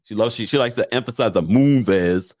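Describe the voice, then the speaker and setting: A man's voice: fairly low pitch, moderate pace, a little mellow. A man hosting a casual livestream recap, chatting animatedly and reading viewer comments aloud into a webcam mic. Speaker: live-stream recap host.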